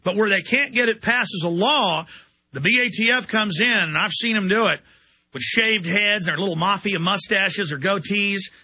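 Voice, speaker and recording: A man's voice: high voice, moderate pace, bright, forceful tone, husky. A man hosting a radio show, delivering an intense political rant and repeating words as he heats up. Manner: ranting, intense, repeats words when heated. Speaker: radio host.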